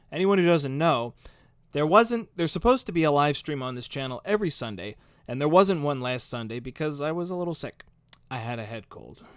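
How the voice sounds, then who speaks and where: With a mid-range, clean voice, dry and studio-clean, this male host answers viewer comments on his live stream. He's chatty, upbeat and self-deprecating, speaking into a studio microphone.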